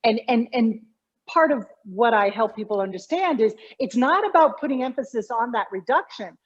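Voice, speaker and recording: A woman's voice: on the high side, moderate pace. Explanatory woman coach, lo-fi sound. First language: English. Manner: explanatory, emphatic, lively teaching tone. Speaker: communication coach, guest. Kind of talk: conversational interview.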